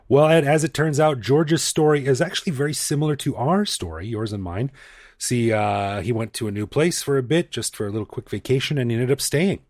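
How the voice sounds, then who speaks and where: Fast-talking jokey podcast co-host, man. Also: medium pitch, no echo, studio quality. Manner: jokey, animated. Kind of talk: casual chat. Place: living in Bangkok.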